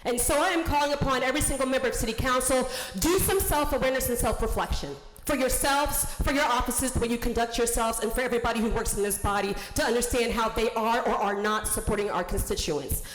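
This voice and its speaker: A woman giving a forceful, demanding public comment in a large council chamber. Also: a little high, fast talker, hardly any pauses. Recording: echoey hall with faint music.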